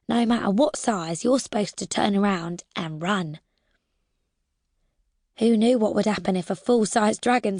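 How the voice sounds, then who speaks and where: A medium-pitched woman narrates a first-person adventure audiobook with lively expression, occasionally dropping to a whisper. The recording is dry and cleanly studio-produced.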